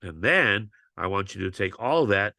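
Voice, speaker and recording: A male teacher delivers a fired-up lecture with a gravelly, rough-edged voice that sits fairly low. He talks bluntly and swears freely. The sound is close and dry. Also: lively intonation, measured pace, sharp tone, no room sound. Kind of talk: lecture to students.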